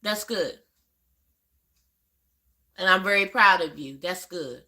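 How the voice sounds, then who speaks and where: Bright-voiced woman chatting on a livestream. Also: fairly low pitch, takes it slowly. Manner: chatty, greets viewers by name, repeats herself. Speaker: livestream host. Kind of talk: casual livestream chat.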